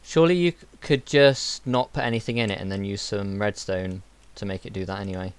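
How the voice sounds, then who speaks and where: A man's voice: fairly low pitch, brisk, clean tone, dry recording. A man with a Somerset accent chatting on a group voice call, hesitant and trailing off. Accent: Somerset English. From England. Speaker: podcast participant. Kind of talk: casual group call chat.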